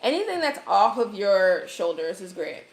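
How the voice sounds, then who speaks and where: A woman from Brooklyn, New York, with a Brooklyn accent, chats casually with livestream viewers and answers their comments with hair care advice. Her mid-range voice is very animated at a normal speed, in a reverberant space.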